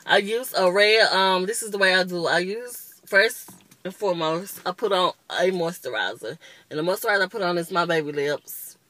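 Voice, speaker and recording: A woman's voice: fairly low pitch, normal speed, a bit bright. A woman in her twenties giving a casual, rambling makeup review, openly annoyed and chatty. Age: 20s. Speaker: beauty vlogger.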